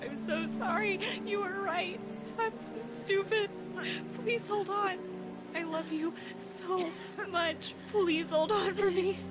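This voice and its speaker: A gentle young lioness, voiced by a woman, who pleads tearfully in a very high, slow voice. Loud music plays behind her in an animated clip. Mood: desperate.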